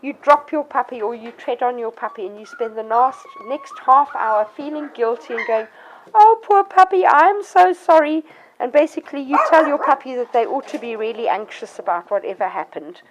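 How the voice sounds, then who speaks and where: A woman with a fairly high voice chats easily about raising puppies, recorded outdoors in a garden. Faint noise hangs behind her, with dogs about. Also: a little fast, hardly any pauses, rough recording. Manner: chatty, warm toward the puppies, with sudden squeaky baby-talk to dogs. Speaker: dog breeder. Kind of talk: casual vlog narration. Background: dogs barking now and then.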